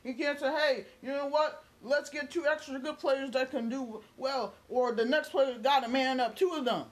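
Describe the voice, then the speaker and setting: A woman's voice: high voice, fairly even intonation, moderate pace. A woman vlogger vents about her football team in a heated, profane rant. She repeats herself, throws questions at her viewers and talks in loose slang. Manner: heated, cursing, repetitive. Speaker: sports vlogger. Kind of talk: angry fan rant.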